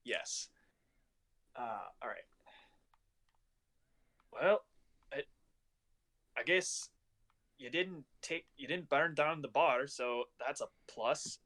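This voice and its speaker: Bright-voiced man running a tabletop game. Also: medium pitch, takes it slowly, long pauses. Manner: loose, chatty narration with many restarts. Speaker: game master.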